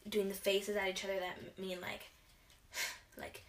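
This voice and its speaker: A woman's voice: medium pitch, level tone, a little slow, a little hiss or hum. A teenage girl ranting casually into her camera from her bedroom, rambling and exasperated, sighing often and restarting her sentences. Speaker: vlogger and gymnast.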